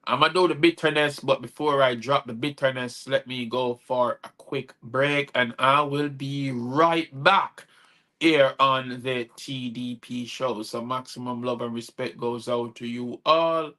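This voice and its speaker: Bright-voiced poet host. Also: male voice, mid-range voice, fairly even intonation, a little slow. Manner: rhythmic rhyming delivery, chuckles at own lines. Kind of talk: spoken-word poetry performance.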